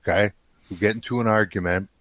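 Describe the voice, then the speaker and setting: Low-voiced man with a blunt, angry telling. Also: steady tone, fast, fairly bright tone, no echo. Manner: angry, swears constantly, blunt. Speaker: guest telling a story. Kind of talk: casual profane storytelling.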